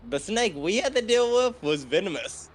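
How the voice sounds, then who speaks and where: An easygoing man chats on a gaming livestream and tells a relaxed story. His voice sits a little high. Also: normal speed. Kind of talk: casual chat while gaming.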